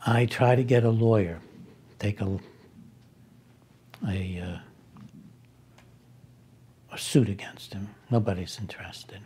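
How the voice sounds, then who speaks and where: Man, very raspy voice, dark tone, casual storytelling, wry asides. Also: lowish voice, slow, long pauses. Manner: anecdotal, with wry asides and restarts. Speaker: speaker recounting a personal conflict. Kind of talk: conversational storytelling.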